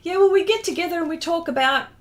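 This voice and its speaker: A woman's voice: very high-pitched, fast talker. A middle-aged Australian woman casually chatting with her livestream viewers, giggly and hesitant with many ums. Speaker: artist hosting a livestream. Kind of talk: casual chat reading out viewer comments.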